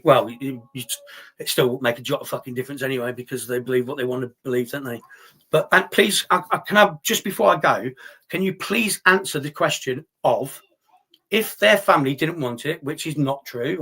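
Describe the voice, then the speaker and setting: A man's voice: fairly high pitch, creaky, a bit bright. A middle-aged man hosting a live stream, reading chat comments aloud and answering them bluntly and argumentatively, swearing often. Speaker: livestream host reading chat.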